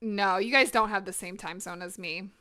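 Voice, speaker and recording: This woman talks to her chat while cooking live at home, full of energy, chatty and cheerfully profane. Her voice is mid-range and clean-toned, moving at a normal speed.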